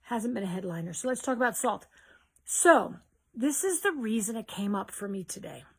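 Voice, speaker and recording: A woman's voice: mid-range voice, lively intonation, moderate pace, creaky, husky. A woman hosting a live question-and-answer stream, greeting viewers with cheers and talking casually with rambling restarts. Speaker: host of a live Q&A.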